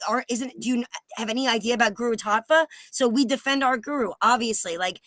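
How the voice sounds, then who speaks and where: Jersey woman venting, sarcastic, kinda high voice, dry. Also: fast, fairly bright tone, no echo. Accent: New Jersey. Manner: heated, emphatic, sarcastic. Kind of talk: casual chat.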